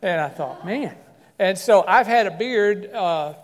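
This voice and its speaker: A man's voice: sits high, animated, measured pace. Older man preaching in a reverberant church. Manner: folksy, self-deprecating storyteller. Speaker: guest pastor. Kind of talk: sermon with humorous story. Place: church sanctuary.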